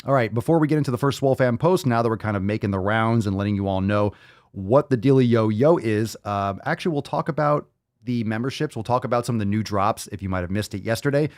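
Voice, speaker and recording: A man's voice: on the low side, quick pace, darkish tone, no room sound, studio quality. A man hosting a podcast, talking casually with lots of swearing, jokes and repeated phrases. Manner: profane, jokey, repeats phrases. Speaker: podcast host.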